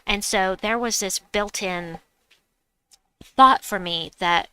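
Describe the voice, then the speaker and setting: A woman's voice: fairly low pitch, slow, pauses often, sharp tone, clear, resonant tone, no room sound, low-quality recording. A woman streaming a game, telling a personal story in casual chat and reading viewer messages aloud.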